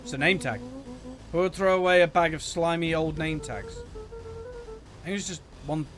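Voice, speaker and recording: Animated high-voiced man playing a game. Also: unhurried, faint music behind. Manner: playful, puts on voices and jokes while reading. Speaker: streamer. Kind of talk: let's play, reading game dialogue aloud.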